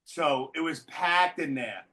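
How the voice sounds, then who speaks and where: On his podcast, a man with a voice on the high side speaks slowly, telling stories conversationally. He's animated and swears freely throughout.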